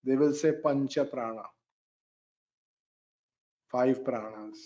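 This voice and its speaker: This male Vedic astrology teacher has a mellow, medium-pitched voice, though the audio is dull. His spiritual astrology lecture moves at a slow pace, with emphatic delivery, repeated phrases, and chanted mantras.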